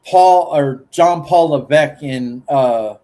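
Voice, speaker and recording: A man's voice: a little high, slow pace, warm tone. Rambling, foul-mouthed man chatting. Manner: rambling, profane, laughs often. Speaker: podcast host. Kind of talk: casual chat.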